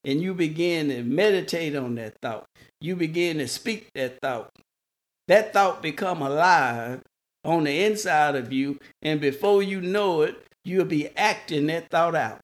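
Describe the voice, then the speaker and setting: A man preaching a sermon, slow and repetitive, restarting words for emphasis. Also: a little high, expressive.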